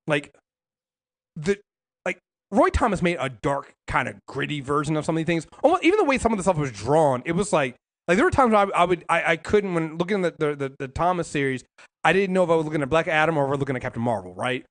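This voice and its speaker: A man's voice: fairly high pitch, animated, fast talker. Rambling man on a comics podcast. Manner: rambling, restarts a lot, swears freely. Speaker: podcast co-host. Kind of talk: casual comics podcast chat.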